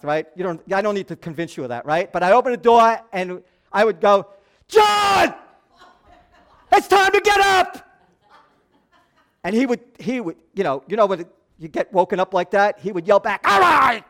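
A man preaching a sermon as pastor, talking conversationally, repeating words and checking in with the congregation. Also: sits high.

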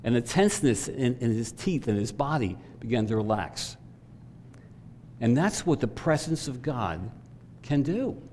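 A man's voice: medium pitch, a little mellow, slight background noise. A middle-aged man preaching a sermon as pastor, earnest, rising in emphasis when he puts questions to the congregation. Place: church sanctuary. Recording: long reverb from a church hall.

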